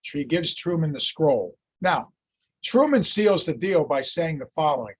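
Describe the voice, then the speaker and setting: A male lecturer tells history as a lively, chatty story, with a slightly husky voice. His pitch sits a touch above the usual for a man. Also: unhurried. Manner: animated, chatty storyteller who laughs at his anecdotes.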